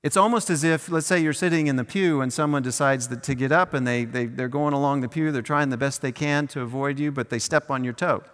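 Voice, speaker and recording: A man's voice: medium pitch, fairly even intonation, brisk, few pauses, a bit bright. A man preaching a sermon in a conversational way, sometimes acting out little scenes, recorded in a church. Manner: conversational preaching with acted asides. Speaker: pastor. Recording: long hall reverb.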